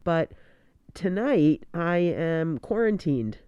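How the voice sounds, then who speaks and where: A woman's voice: lowish voice, big pitch swings, takes it slowly, mellow, clear, resonant tone, no echo, lo-fi sound. Sick woman with a scratchy voice. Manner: talking through a mask, frank, laughs often. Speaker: podcast host. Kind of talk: candid casual monologue. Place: bedroom at night. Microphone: home studio mic at end of bed.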